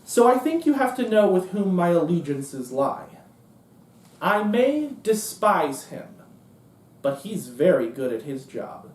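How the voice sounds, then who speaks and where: A profane, sarcastic monologuist working a theater stage, their voice leaping in a highly animated range. The sound is roomy and caught from some distance away. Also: slow pace.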